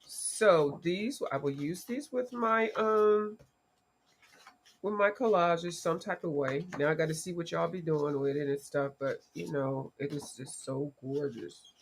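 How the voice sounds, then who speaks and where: A woman's voice: sits low, a little slow, slight background noise. A woman hosting a casual livestream, congested from allergies and chatting with her viewers by name. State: congested from allergies, voice gone deep. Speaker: livestream host.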